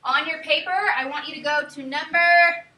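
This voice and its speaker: A woman's voice: high-pitched, normal speed, sharp tone. A woman teaching a class, sometimes calling words out in a sing-song way to show syllable stress. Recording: echoey classroom, mic far off.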